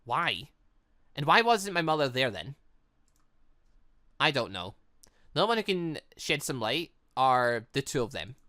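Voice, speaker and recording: A man's voice: mid-range voice, unhurried, long pauses, no echo, clean studio sound. A man reading the lines of a distraught, furious young woman aloud in a visual novel read-through, in his own voice without putting on a girly tone. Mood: bewildered. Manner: reads her lines flat in his own voice.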